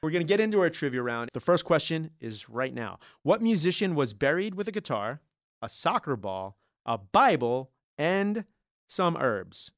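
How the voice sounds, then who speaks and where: A man's voice: a little high, big pitch swings, no room sound, clean studio sound. A man hosting a playful food debate podcast with a trivia round, joking and theatrical. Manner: jokey, theatrical, quick asides. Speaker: podcast host. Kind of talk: playful game-show style hosting.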